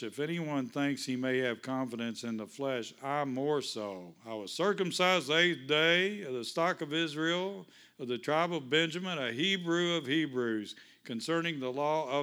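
A man's voice: mid-range voice, moderate pace, few pauses, fairly bright tone, smooth. A male pastor preaching a fervent sermon in church, praying and reading scripture with call-and-response to the congregation.

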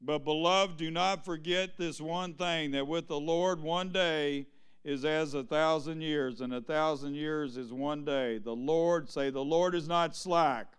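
A man preaching a sermon. His voice sits a little high and comes through clear and resonant. He keeps pressing the congregation with questions and calls for them to answer back. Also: steady tone, slow pace, a bit bright. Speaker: pastor.

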